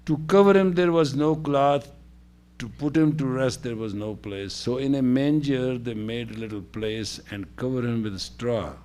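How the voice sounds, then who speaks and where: A man lecturing as a spiritual teacher to a room of teachers, telling stories in halting, slow phrases, swinging between hushed asides and loud bursts and acting out the voices of his characters. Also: medium pitch, clear, resonant tone.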